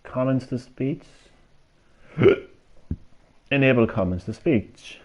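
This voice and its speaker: His voice sits at medium pitch, expressive and a little mellow, and he takes things slowly. Chatting with his stream viewers, he rambles, stammers, and swears offhandedly while swinging between hyper and drowsy, heard through slightly dull lo-fi stream audio.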